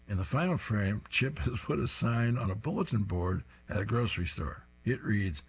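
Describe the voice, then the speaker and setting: A man's voice: on the low side, lively intonation, normal speed, slightly rough. A man reading comic strips aloud, describing each panel in an amused way.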